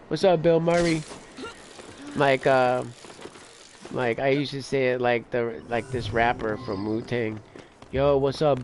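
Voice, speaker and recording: A man streaming a game, telling rambling stories between play, filler-heavy and casual. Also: a little high. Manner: rambling storyteller, lots of "like" and "dude". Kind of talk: casual let's play commentary.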